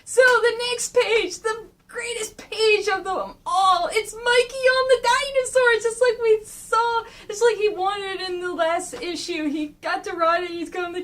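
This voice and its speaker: A young woman giving a casual comic recap as a gushing, excitable fan. Her voice is high. She sounds a little distant from the microphone. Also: a little slow, few pauses. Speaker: comic reviewer.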